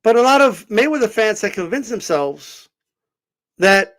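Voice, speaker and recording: A man talking boxing in a casual vlog, animated and swearing, rambling with lots of fillers. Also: high-pitched, unhurried. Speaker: boxing commentator.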